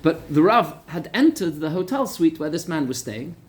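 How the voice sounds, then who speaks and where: A man, a rabbi, telling a story in a lively Torah lesson, repeating words for emphasis. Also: fairly high pitch, normal speed. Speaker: rabbi teaching a weekly class.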